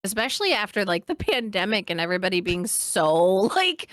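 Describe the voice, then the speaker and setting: A woman co-hosting a podcast in casual chat, animated and quick to laugh, acting out what her friends would say. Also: medium pitch, dry recording, studio quality. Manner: animated, laughs often, acts out quoted friends. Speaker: podcast co-host.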